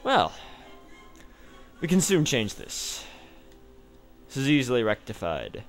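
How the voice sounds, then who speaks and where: A man's voice: mid-range voice, very animated, slow pace, long pauses, faint music behind. A man giving let's play commentary on a card game, trash-talking his opponent with mock anger and frequent laughs.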